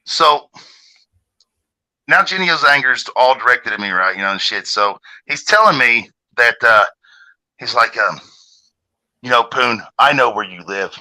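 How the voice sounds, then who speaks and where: A man hosting a livestream panel, telling a long story in casual, profane talk and jumping up in pitch when he gets outraged. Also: rough recording. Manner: animated, swings pitch up sharply when outraged.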